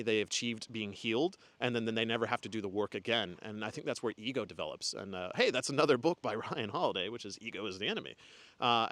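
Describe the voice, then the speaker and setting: A man's voice: on the low side, a bit bright, no echo. A young man talking casually and earnestly to camera, rambling with fillers and restarts as he reflects on his year. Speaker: spiritual content creator. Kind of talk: casual reflective vlog talk.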